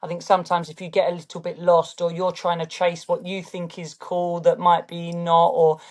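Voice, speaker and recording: A woman's voice: lowish voice, monotone, moderate pace. A woman with a London accent, chatting casually as an interview guest and often asking "do you know what I mean". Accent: London English. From London, England. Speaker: guest, fashion brand founder.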